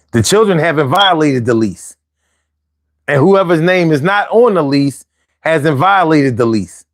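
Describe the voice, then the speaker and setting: A man's voice: medium pitch, no room sound, studio quality. Man with a Philly accent giving advice. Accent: Philadelphia. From Philadelphia. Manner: conversational, slangy, with fillers and jokey asides. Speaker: host. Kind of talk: casual advice talk.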